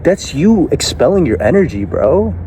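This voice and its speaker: A man's voice: on the high side, sing-song, moderate pace, dark tone, slight background noise. A man giving a motivational speech in a blunt, confrontational way, cursing and firing rhetorical questions at the listener. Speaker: motivational speaker.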